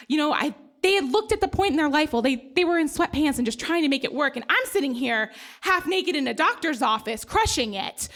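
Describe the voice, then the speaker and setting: Woman, live comic storyteller, self-deprecating and animated, voice sits a bit high. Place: stage before a live audience.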